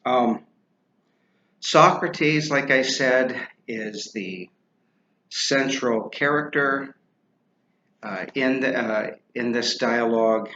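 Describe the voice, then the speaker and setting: A man giving a classroom lecture, halting with many ums and uhs and spelling names out loud. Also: mid-range voice. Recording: roomy, dull lo-fi with faint noise.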